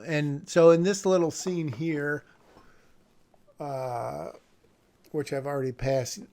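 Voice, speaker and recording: A man's voice: a little high, darkish tone. A man casually commenting on a screenplay he is revising, rambling and breaking off mid-sentence with small chuckles. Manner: rambling, self-interrupting, chuckles at himself. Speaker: screenwriter vlogger. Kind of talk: casual commentary while screen-sharing a script.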